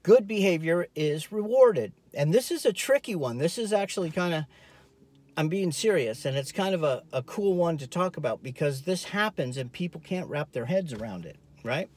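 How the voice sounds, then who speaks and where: Animated dog-trainer guy in a car, high-voiced, rambling casual vlog delivery. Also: moderate pace. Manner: animated, rambling, acts out scenes. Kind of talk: casual talking-head vlog advice. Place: inside a car.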